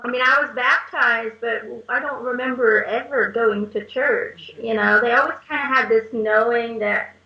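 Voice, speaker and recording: A woman's voice: a little high, steady tone, moderate pace, hardly any pauses. A woman being interviewed as a medium, telling chatty stories and laughing often. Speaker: guest medium. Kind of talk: casual interview chat. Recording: echoey, dull lo-fi recording.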